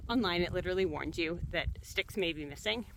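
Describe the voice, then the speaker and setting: A woman's voice: lowish voice, brisk, vocal fry, low-quality recording. A woman films herself on a snowy trail and talks casually to the camera. She sounds winded, laughs a lot and pads her speech with fillers. Faint wind noise runs under her voice. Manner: chatty and upbeat, laughing often, many fillers. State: out of breath from skiing. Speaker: solo backcountry skier filming herself. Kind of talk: casual vlog narration. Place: outdoors on a snowy mountain trail.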